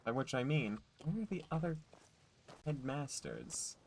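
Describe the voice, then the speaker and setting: A man streaming live gameplay and commenting in an excitable way, swearing and jumping into loud outbursts. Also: mid-range voice, unhurried, creaky, a little hiss or hum.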